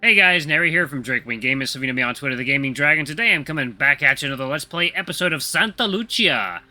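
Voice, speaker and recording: A man's voice: on the high side, lively intonation, fast, bright, forceful tone, soft background music. A man hosting a let's-play, upbeat and chatty as he introduces the episode. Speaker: gaming YouTuber. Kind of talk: let's-play commentary and reading aloud.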